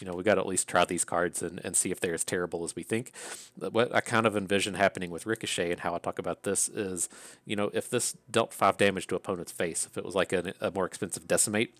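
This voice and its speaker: A card game content creator with an Appalachian accent casually thinks aloud through his draft picks, using lots of fillers and restarts. His voice is deep with a fairly bright tone and no echo.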